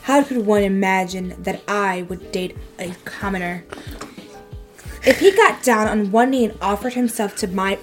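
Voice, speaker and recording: A woman's voice: mid-range voice, a little slow, soft background music, lightly acted. Woman voicing a haughty rich teen girl for a comic read-aloud; snobby and self-satisfied. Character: snobby rich teenage schoolgirl, haughty aristocrat. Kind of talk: reading a comic aloud with voices.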